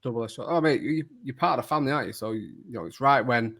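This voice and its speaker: A man hosting a casual kit-ranking chat, jokey and quick to laugh. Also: medium pitch, vocal fry, fairly bright tone, slightly rough. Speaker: podcast host.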